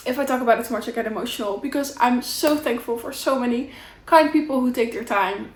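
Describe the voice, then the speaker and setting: Young dutch girl yapping to camera, kinda high voice, roomy echo around her. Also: fast. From Netherlands. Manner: chatty, rambling, warm and candid. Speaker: vlogger. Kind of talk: casual catch-up chat to camera.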